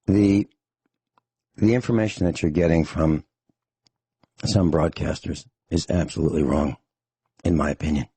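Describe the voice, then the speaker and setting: A hoarse, out-of-breath man hosting a talk radio show, speaking bluntly and angrily in an emphatic monologue. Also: rumbling low, steady tone, normal speed, pauses often, mellow, no echo.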